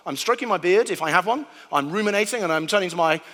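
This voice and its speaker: A man's voice: high-pitched, lively intonation, fast talker, a bit bright, long reverb tail. A man giving a humorous sermon to a live audience, acting out sounds and voices as he tells stories. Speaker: preacher giving a talk. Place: large hall before an audience.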